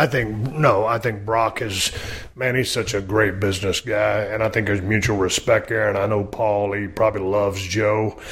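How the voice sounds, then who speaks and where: Rambling enthusiastic man, podcast host. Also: fairly low pitch. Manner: rambling, enthusiastic, many restarts. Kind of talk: casual wrestling talk.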